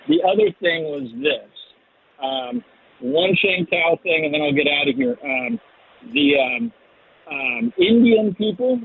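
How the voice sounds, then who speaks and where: A man rambles through a call to a radio show, with frequent ums and hesitations. His voice is gravelly and husky and sits fairly high. He comes through a thin, tinny phone line. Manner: rambling, many ums, laughs along. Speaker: caller. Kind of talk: phoning in to a talk show.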